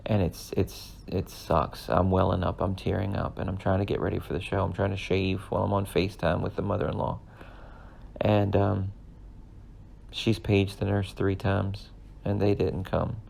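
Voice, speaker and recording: A podcast host in his thirties tells a rambling, earnest personal story in a casual way, growing emotional at times. His voice is low, monotone, creaky and a little mellow, at a moderate pace.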